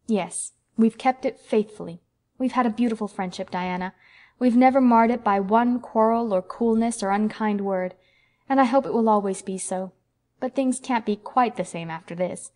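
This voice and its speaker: A woman's voice: on the high side, moderate pace, dark tone, natural voice. A woman voicing a dreamy, romantic young woman in an audiobook, speaking in a wistful, sentimental way. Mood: tender. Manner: wistful, sentimental storybook speech. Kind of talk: audiobook character voice.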